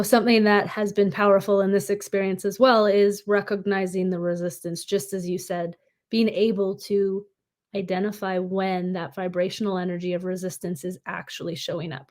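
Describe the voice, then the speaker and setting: Reflective woman, mid-pitched voice, affirming podcast conversation. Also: little pitch movement, normal speed, a little mellow. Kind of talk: casual podcast chat.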